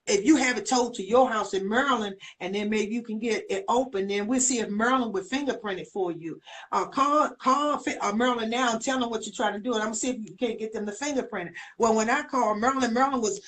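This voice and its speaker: A woman's voice: on the high side, fast, fairly bright tone. An older woman tells a personal story in an interview, acting out the voices of others. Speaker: guest, mother of a missing young man's family. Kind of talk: emotional personal account.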